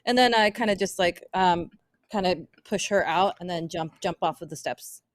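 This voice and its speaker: A woman playing a tabletop game, describing her character's actions in an animated way. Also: on the low side, normal speed, no room sound, studio quality. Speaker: player.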